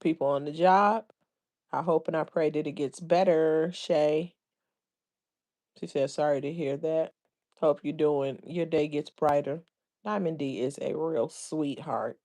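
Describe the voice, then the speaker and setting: A woman with a slightly low voice hosts a casual livestream, reading viewers' comments aloud. Her talk is loose and full of everyday slang, easygoing and chatty. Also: steady tone, measured pace, darkish tone. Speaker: livestream host.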